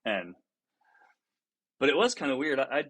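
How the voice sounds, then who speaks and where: A man chatting as a guest on a podcast, telling a story in a loose, lively way. He laughs now and then, doubles back on his words, and acts out what other people said. His voice sits at a middle pitch. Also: a little slow. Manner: laughs often and restarts sentences. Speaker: guest musician. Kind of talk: casual storytelling in a podcast interview.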